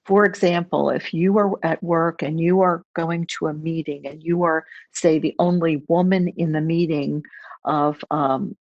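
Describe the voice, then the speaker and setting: A middle-aged woman presenting a webinar as a public speaking trainer, measured and instructive, repeating key phrases. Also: sits low, steady tone, no room sound, muffled recording. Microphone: video call.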